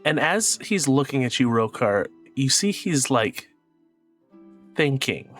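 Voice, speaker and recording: A man narrating a tabletop game as game master, in a relaxed, unhurried way. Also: mid-range voice, soft background music.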